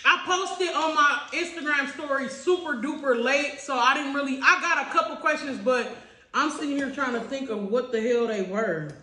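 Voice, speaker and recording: A woman's voice: sits high, normal speed, bright, forceful tone, echoey room. A young woman hosting a casual eating chat, slangy and playful, talking between bites. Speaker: channel host.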